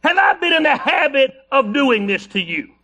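A man's voice: very animated, normal speed, sharp tone, exaggerated voice. A man putting on a whiny, indignant talking donkey. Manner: exaggerated comic impression, high and pleading. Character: indignant talking male donkey, pleading logically.

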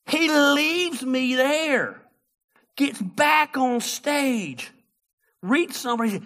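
Lively, bright-voiced male pastor. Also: very high-pitched, slow. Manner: animated, humorous storyteller. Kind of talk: sermon storytelling.

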